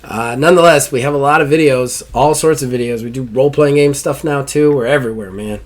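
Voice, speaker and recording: A man's voice: mid-range voice, quick pace. A man hosting a gaming podcast in casual, upbeat chat, swearing now and then as he runs through plugs. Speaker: podcast host.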